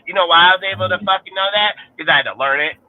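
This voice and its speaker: A man's voice: sits high, very fast. A man in his thirties hosting a sports podcast, ranting in a profane, heated and rambling way. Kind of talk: ranting casual talk. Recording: tinny phone-like sound.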